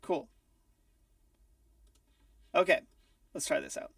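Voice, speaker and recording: A man's voice: on the high side, slow pace, vocal fry, a bit bright, no room sound. A man teaching music mixing in a studio, explaining casually while thinking aloud with frequent ums and restarts. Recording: dry, a bit far from the mic.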